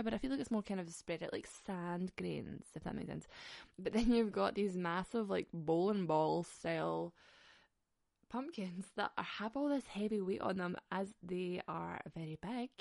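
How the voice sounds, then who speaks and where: Giggly ranting woman with a gravelly voice. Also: fairly low pitch, darkish tone, no room sound, studio quality. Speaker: podcast host. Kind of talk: casual comic monologue.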